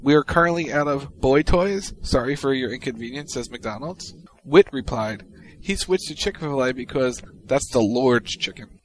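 A man co-hosting a podcast, reading out tweets in casual chat with a wry, deadpan delivery. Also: medium pitch, normal speed, poor audio. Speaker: podcast co-host.

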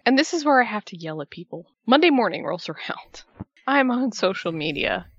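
A woman chatting casually as a wrestling podcast co-host, emotional and animated, with a swear here and there. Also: mid-range voice, a little fast, slightly rough, no echo. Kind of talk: casual fan chat. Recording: dull lo-fi sound.

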